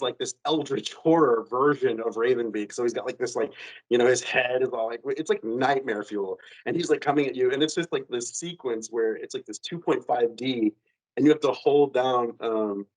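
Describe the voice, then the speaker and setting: A man on a podcast, retelling a video game ending in an animated, rambling way with lots of fillers and some cursing. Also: mid-range voice, low-quality recording. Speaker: podcast co-host. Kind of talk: casual chat.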